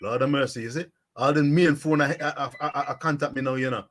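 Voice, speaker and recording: A man's voice: on the high side, fast, hardly any pauses, fairly bright tone. A man hosting a sports live stream, reading out viewers' comments and answering them by name, repeating his catchphrases in a preachy way. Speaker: sports vlogger.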